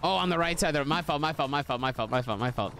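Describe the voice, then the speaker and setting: A young man streaming a game from a small room at home, chatting casually, joking and swearing with sudden excited yelps. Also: faint music behind. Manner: animated and joking, swearing, quick pitch jumps into excited yelps. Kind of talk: casual livestream chatter while playing.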